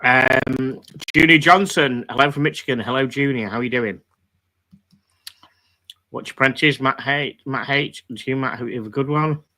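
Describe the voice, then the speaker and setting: A man with a bright, forward voice hosts a casual live stream. He chats loosely, reads out viewers' greetings and thanks them one by one. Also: medium pitch, normal speed, long pauses. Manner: chatty, reads chat greetings aloud. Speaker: livestream host.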